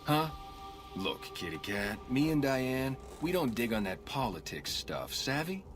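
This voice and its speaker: A relaxed video game drug cook who drops old-fashioned slang and shrugs off politics. His pitch rolls up and down with lively swings. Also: measured pace, music in the background. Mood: easygoing. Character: laid-back slangy male drug cook, devoted to partner. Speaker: game character.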